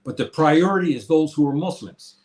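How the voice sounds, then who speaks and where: A man's voice: on the high side, animated, a little fast, darkish tone. Emphatic man lecturing informally. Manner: repetitive, emphatic, addresses listeners as brothers and sisters. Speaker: speaker on history and religion.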